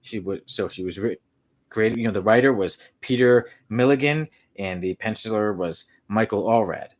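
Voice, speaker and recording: A man co-hosting a casual comic book podcast, describing panels with a relaxed, playful delivery. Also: lowish voice, normal speed. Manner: reads panels aloud with playful quoted voices. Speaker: podcast co-host.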